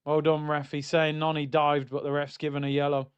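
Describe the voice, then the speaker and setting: A young man reacting live to a football match on stream, swinging between loud outbursts and low muttering. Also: completely flat delivery, fairly quick, clear, resonant tone, highs cut off. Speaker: watchalong streamer.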